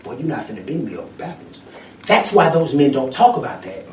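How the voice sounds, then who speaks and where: A man in casual chat, ranting in a lively, profane way with street slang. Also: mid-range voice, a little fast, a little hiss or hum. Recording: echoey room, mic at a distance.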